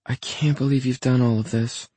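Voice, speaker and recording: A man voicing a giddy, affectionate young woman in an audiobook, soft and a little whiny. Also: medium pitch, fairly even intonation, normal speed, husky, dry recording, pitched above the performer's own voice, natural voice. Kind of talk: audiobook character voice.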